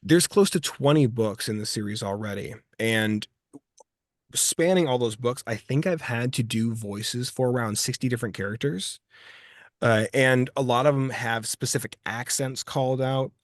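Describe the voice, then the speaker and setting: Interview guest: a man voice actor from Texas, chatty storyteller, mid pitch, dry close sound. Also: moderate pace, dry recording. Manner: chatty, restarts phrases while telling anecdotes. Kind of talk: casual interview chat.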